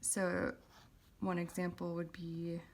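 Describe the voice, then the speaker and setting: A woman calmly teaching a calligraphy lesson, explaining step by step with occasional ums while she writes. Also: lowish voice, slow pace. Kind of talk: instructional voice-over while writing.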